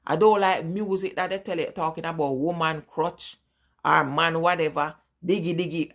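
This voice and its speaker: A woman's voice: low voice, fairly even intonation, moderate pace, vocal fry. Jamaican woman chatting casually. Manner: chatty, rambling, answers viewer questions. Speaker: vlogger. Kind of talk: casual live chat with viewers.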